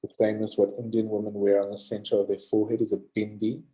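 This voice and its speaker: A man teaching a recorded yoga lesson, slowly repeating Sanskrit terms and having listeners say them back. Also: lowish voice, little pitch movement, warm tone, reverberant, poor audio. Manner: drills pronunciation, repeats words slowly and asks listeners to say them.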